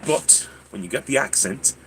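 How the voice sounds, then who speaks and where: A laid-back American man chatting on his livestream, wandering through stories with plenty of fillers and restarts. His voice is bright and forward at a middling pitch, with faint room noise in the background. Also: lively intonation, normal speed. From United States. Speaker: livestream host. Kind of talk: casual chat.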